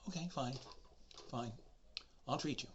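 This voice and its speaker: A woman's voice: extremely low pitch, unhurried, a little hiss or hum, pitched above the performer's own voice. An older man voicing a stern young female doctor who scolds, in a retold story on a dull recording. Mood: scolding.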